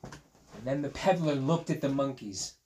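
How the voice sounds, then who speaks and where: A man's voice: medium pitch, lively intonation, measured pace, a little mellow, a little hiss or hum. A male teacher reading a picture book aloud to children in a playful, chatty way and inviting them to join in. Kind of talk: storytime read-aloud for children.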